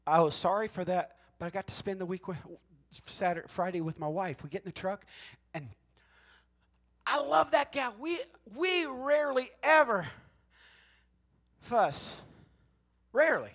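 High-voiced man preaching, loud to hushed. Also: animated, unhurried, vocal fry, pauses often. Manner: conversational preaching that swings from hushed asides to loud emphatic shouts; folksy and joking with the congregation. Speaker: pastor. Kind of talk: Pentecostal sermon.

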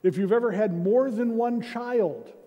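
A man's voice: high voice, a little slow, warm tone, muffled recording. A man preaching a sermon as senior pastor, in a conversational way with self-deprecating humor, recorded in a church sanctuary. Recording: reverberant church hall.

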